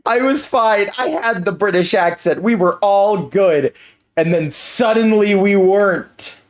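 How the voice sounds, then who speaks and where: A man's voice: sits high, unhurried. A man playing a tabletop game, sighing and complaining with mock exasperation and some swearing. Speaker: player. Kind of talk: casual role-play chat.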